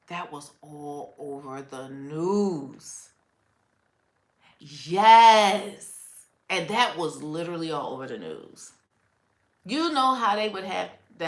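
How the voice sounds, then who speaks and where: A woman's voice: sits low, reverberant. A woman hosting a casual livestream, chatting with viewers, laughing often and reacting to comments. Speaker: livestream host. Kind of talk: casual live chat.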